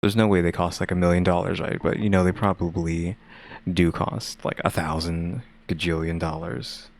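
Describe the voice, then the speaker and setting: Man, very low voice, skeptical, thinks out loud in casual banter. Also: fairly even intonation, normal speed. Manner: skeptical, musing aloud. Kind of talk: casual chat.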